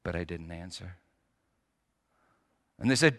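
A middle-aged man preaching a sermon with storytelling, moving between hushed passages and emphatic ones. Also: deep voice, sing-song, a little slow, gravelly, pauses often. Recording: long hall reverb.

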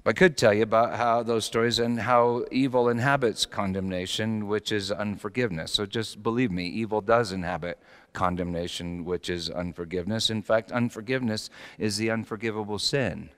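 A man preaching a sermon as pastor, confessional and swinging from quiet reflection into animated, rising intensity. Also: lowish voice, moderate pace, clean tone. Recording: long hall reverb.

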